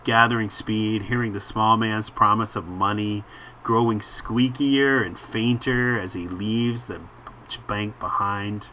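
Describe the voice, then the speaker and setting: A man reading a comic book aloud and musing over the panels in an unhurried way, with frequent filler words. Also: on the low side, steady tone, bright, forceful tone, slight background noise. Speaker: comic book reader and commentator.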